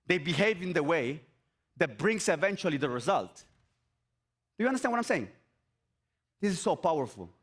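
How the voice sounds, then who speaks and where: A man gives an energetic motivational talk on an event stage, repeating his points and firing rhetorical questions at the audience. His voice sits high, and its pitch swoops in a lively way. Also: brisk, long pauses. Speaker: motivational speaker.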